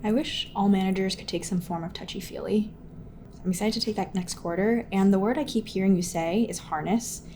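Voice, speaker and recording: Young female host, expressive and casual, mid pitch, faint noise. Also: brisk. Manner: expressive, laughs easily, frequent backchannel. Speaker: podcast host. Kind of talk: casual interview chat.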